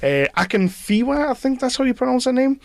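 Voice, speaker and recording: A man's voice: extremely high pitch, big pitch swings, a little fast, creaky, dry recording, studio quality. A man hosting a podcast, giving opinionated casual film reviews and often repeating words as he starts a sentence. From Britain. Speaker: podcast host.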